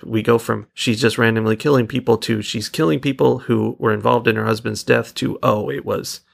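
A man co-hosting a podcast, talking about a movie in a relaxed, wry way. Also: mid-range voice, a little fast, vocal fry. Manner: relaxed, wry, laughs often. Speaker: podcast co-host. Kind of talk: casual movie discussion.

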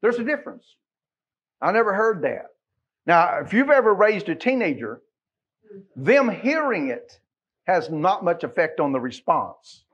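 A Texan-accented pastor delivers a folksy sermon with joking asides, his voice a touch husky and fairly high for a man. The sound is dull and lo-fi, like a church livestream. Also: big pitch swings, a little slow.

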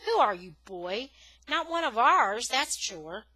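A gruff village man questions a boy with reproach, voiced by a woman reading. The tone stays bright and forward. A dry storybook reading. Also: a little high, big pitch swings, takes it slowly, no echo, pitched above the performer's own voice, heavily acted, low-quality recording. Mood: reproachful.

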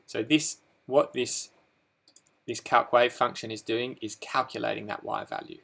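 Brief: male coding tutor, gravelly fry, bright tone, halting delivery full of ums. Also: fairly low pitch. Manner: hesitant, many ums and restarts. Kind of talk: screen-recorded code walkthrough.

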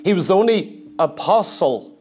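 High-voiced man preaching emphatically. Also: lively intonation, normal speed, a little mellow. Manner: emphatic, asks the congregation direct questions. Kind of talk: sermon. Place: church.

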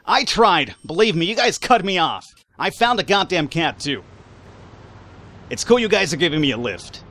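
A man giving casual, animated commentary while playing a video game and reading its lines aloud. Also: on the high side, normal speed. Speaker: let's play gamer.

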